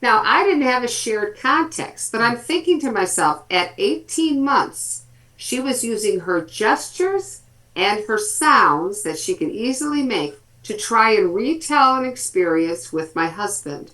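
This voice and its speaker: A woman's voice: fairly high pitch, unhurried. Grandmotherly woman telling therapy stories. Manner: lively storytelling, quotes kids and family. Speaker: speech and language therapist. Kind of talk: casual web chat.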